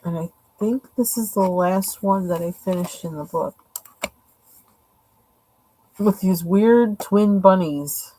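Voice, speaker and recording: A woman's voice: medium pitch, slow, long pauses, warm tone, poor audio. A woman casually showing her coloring pages at home, rambling and thinking aloud as she goes. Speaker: coloring channel host. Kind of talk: casual show-and-tell.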